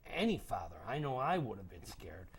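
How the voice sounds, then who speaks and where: Older male storyteller for kids, lively pitch swings, slightly husky, dramatic delivery. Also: normal speed. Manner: animated, dramatic, with acted voices and whispers. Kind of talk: storytelling to children.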